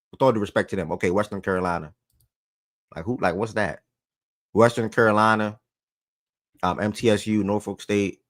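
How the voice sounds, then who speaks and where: A man's voice: sits low, a bit bright, no echo. A man hosting a sports talk show in a loose, slangy way, repeating phrases for emphasis and getting worked up.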